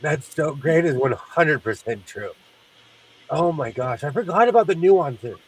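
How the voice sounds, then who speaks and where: A man's voice: a little high, lively intonation, measured pace, breathy edge, distant mic, poor audio. A man hosting a sewing livestream, congested from sinus trouble, chatting in a rambling way and laughing often. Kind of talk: casual chat while sewing.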